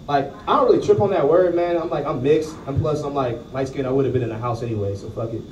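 A man's voice: on the high side, quick pace, highs cut off, very noisy. A man performing a stand-up comedy set, telling profane stories at a laid-back pace. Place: comedy club stage. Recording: echoey club, distant mic, loud crowd.

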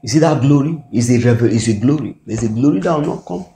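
A man with a Nigerian English accent preaching a sermon, often pausing to ask the congregation "what?" so they fill in the word. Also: mid-range voice, lively intonation, noisy background. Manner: call-and-response, asks the congregation "what?" to fill in words. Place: church hall. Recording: echoey hall recording.

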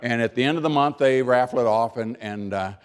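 An older man from the United States giving a keynote speech, telling folksy stories and making points with emphatic pauses and repeated words. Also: mid-range voice, smooth. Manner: folksy storytelling, acting out little scenes. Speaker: keynote speaker.

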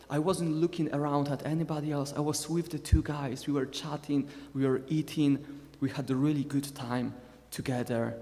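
A young man in his twenties with a Scottish Borders accent preaches a sermon in a chatty way, with joking asides to his congregation. His voice sits a little high for a man. It rings with the long reverb of a church hall. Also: darkish tone. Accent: Scottish, Borders (Galashiels). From Scotland. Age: 20s.

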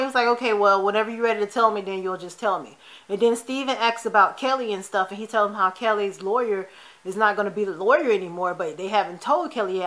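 A TV recap vlogger chats casually and fast in a medium-pitched, slightly bright voice as she goes over an episode. She's opinionated, retelling scenes and quoting the characters in passing.

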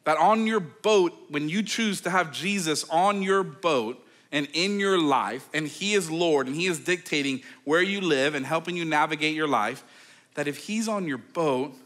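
A man delivers a sermon with a bright, forceful edge to his voice and a somewhat high pitch. He tells the story in a loose, chatty way, peppered with fillers, and acts out the voices of the people in it. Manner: animated storytelling, acting out quoted voices; conversational, with many fillers like "like" and "okay". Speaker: pastor.

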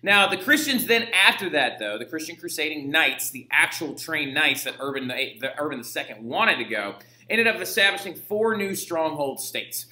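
A man's voice: a little high, lively intonation, normal speed, pushed and bright. A young male history teacher giving a casual, chatty lecture, often checking in with "right?". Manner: chatty, slangy, frequent "right?". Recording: echoey room.

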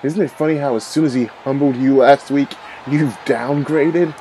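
Man doing an arrogant wrestler, taunting, gravelly, middle pitch. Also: steady tone, moderate pace, warm tone, a little hiss or hum, close to an everyday voice, rough recording. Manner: mocking, taunting. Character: arrogant male wrestler, scornful and mocking. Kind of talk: video game role-play voiceover.

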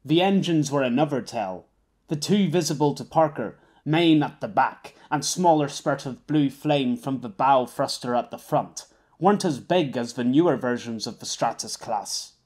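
A man reading an audiobook in a medium-pitched voice. His storytelling is steady with a wry touch. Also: moderate pace. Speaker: audiobook narrator. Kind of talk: scripted narration.

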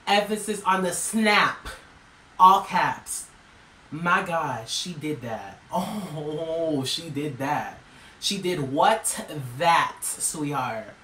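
A woman's voice: deep voice, expressive, very slow, fairly bright tone, slight background noise. Brash, profane woman reacting to music. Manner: brash, profane, dramatic exclamations. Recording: roomy echo, faint music behind.

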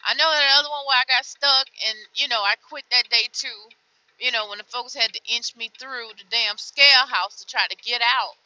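A young woman truck driver venting from her cab in a vlog, weary and frustrated, dropping to tired mutters and then flaring up loud. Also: on the high side, normal speed, dry recording, muffled recording.

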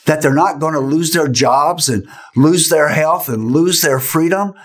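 A man voicing an astonished young woman convert who speaks in a loud stage whisper full of incredulous questions. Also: a little high, unhurried, voice pushed up.

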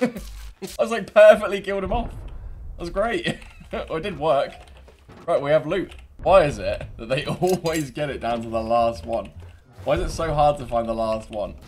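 A man's voice: on the high side, moderate pace, darkish tone, slight background noise. A British man running casual gameplay commentary, laughing and swearing as he banters with other players. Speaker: game streamer.

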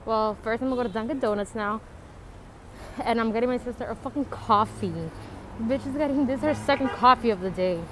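A young woman from the Dominican Republic chats bluntly and profanely in a casual vlog shot on a handheld phone in stores and on the street. She speaks briskly in a fairly high voice, and loud public background noise fills the phone recording.

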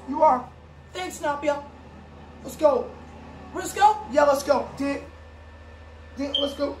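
A woman improvises a toy play, hopping between several character voices and breaking into shouts. Her voice sits very high, and the recording carries a roomy echo with faint noise underneath. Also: slow pace, pauses often. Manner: switches voices, bursts into shouts. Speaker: home video creator. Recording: echoey room with faint background noise.

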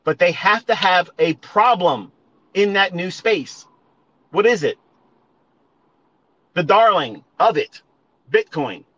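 A man's voice: high voice, lively intonation, takes it slowly, pauses often, fairly bright tone, no echo, dull audio. A man ranting at listeners on a live audio stream, profane and emphatic, repeating his points and calling them folks. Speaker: trading educator.

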